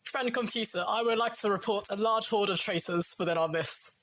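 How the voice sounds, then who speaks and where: A woman taking part as a player in a tabletop game, thinking aloud in a measured way with fillers. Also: medium pitch, heavy background noise. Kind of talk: casual chat.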